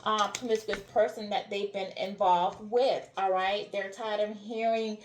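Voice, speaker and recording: Lady doing a tarot reading, keeps saying "all right?", roomy echo, mid pitch. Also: steady tone, unhurried. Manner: repetitive, checks in with "all right?" and "okay?". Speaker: tarot reader. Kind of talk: spiritual reading monologue.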